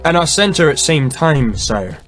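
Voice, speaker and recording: Brief: narrator doing a weathered old knight, wry and understated, faint music underneath. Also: male voice, on the high side, very animated, unhurried, fairly bright tone, voice pushed up. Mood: dry. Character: old seasoned English knight, dry and wry.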